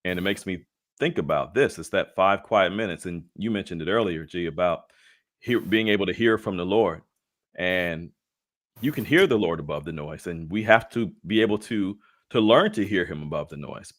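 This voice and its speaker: A man's voice: low-pitched, moderate pace, a bit bright. A man co-hosting a casual leadership webinar, playful and jokey, mixing slang asides with talk of faith. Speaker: co-host and leadership coach.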